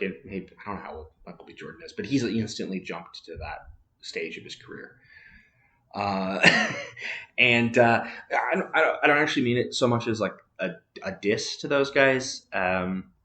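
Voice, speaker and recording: A man's voice: fairly low pitch, fairly bright tone, reverberant. A man casually chatting about movies as a podcast host, rambling with many fillers and restarts.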